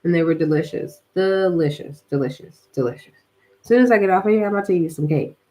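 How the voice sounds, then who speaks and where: Tired after a workout, a young woman hosts a casual spiritual livestream, rambling with lots of fillers and slang. Her fairly low voice is warm and very fast.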